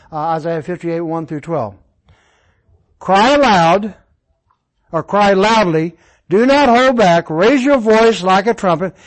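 A man with a fairly high voice leads an informal Bible class. He talks in a relaxed, conversational way and walks through the verses one at a time. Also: low-quality recording. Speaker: Bible study teacher.

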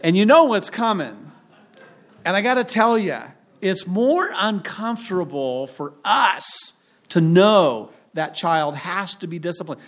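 A man's voice: high-pitched, expressive, unhurried, fairly bright tone. Man preaching in a chatty storytelling way. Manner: conversational, humorous storytelling. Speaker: pastor. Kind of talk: sermon with personal stories. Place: church.

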